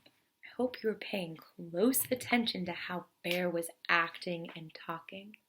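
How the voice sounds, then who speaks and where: Brief: woman teacher, read-aloud for kids, slow and expressive, fairly high voice. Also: slight background noise. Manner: slow, expressive, explains words to children. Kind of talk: children's read-aloud narration.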